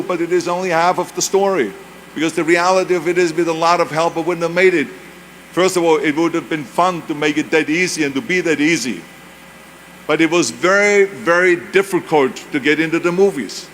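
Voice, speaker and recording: A man's voice: a little high, a bit bright, slight background noise. A man in his seventies, a native German speaker with a German accent, gives an emphatic, anecdotal motivational speech with self-mocking humor at a university event. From Europe. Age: 70s.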